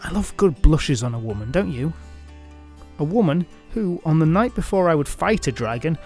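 A man voicing a boastful, lecherous, drunken knight, all loud blustering bravado. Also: a little high, sing-song, moderate pace, faint music behind, voice pushed up.

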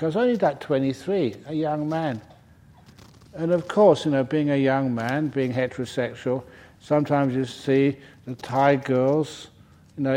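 A man's voice: mid-range voice, mellow. A man, a monk teaching at a retreat, answers questions in a dharma talk and tells humorous stories, often chuckling at them. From United Kingdom. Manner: humorous storyteller, chuckles at his own stories.

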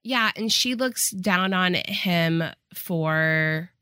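A young woman with a bright, forward voice pitched a little low co-hosts a podcast. She retells the plot with wry comebacks and brief acted-out lines. The sound is dry and close. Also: smooth, no echo. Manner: wry, quick retorts, acts out characters' lines. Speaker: podcast co-host. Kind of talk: casual chat recapping a movie.

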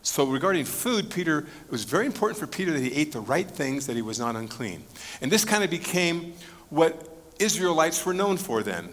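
A man with a somewhat high voice preaches an expository Bible sermon, swinging his pitch up and down as he explains. He talks casually with the congregation, throwing them questions and joking asides. His voice trails off into the long echo of a church hall. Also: very animated, brisk, fairly bright tone. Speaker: pastor. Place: church sanctuary with a live audience.

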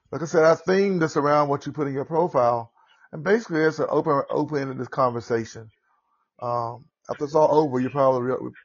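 Southern-accented male podcast host, easygoing and talkative, medium pitch, slightly dull lo-fi sound. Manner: rambling, chatty, laughs at himself. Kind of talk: casual podcast conversation. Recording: dull lo-fi audio.

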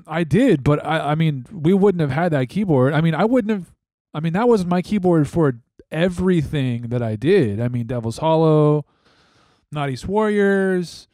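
A man in casual chat, talking in a laid-back, halting way with many fillers. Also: fairly high pitch, lively intonation, dark tone, no room sound, studio quality.

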